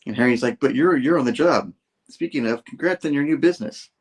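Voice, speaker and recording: A man's voice: mid-range voice, a little fast, slightly rough. A man casually retelling a comic book scene by scene, acting out the characters' lines in loose voices. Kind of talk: casual chat.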